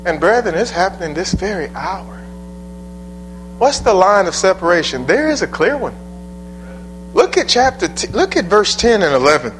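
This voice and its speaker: Emphatic high-pitched male preacher. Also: slight background noise, low-quality recording. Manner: emphatic, drawn-out stressed phrases. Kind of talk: sermon.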